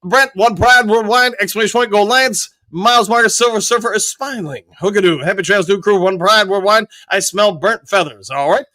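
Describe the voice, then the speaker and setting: A man's voice: high-pitched, moderate pace, hardly any pauses, pushed and bright, no room sound. A man from Michigan hosting a live fan show, reading viewers' chat messages aloud and answering them. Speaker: host.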